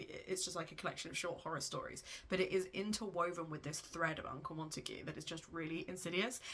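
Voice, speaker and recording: A woman's voice: on the low side, sharp tone. A young woman vlogging about her books in a chatty, gushing way, often breaking off and restarting mid-sentence. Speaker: book vlogger. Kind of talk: casual chat about books.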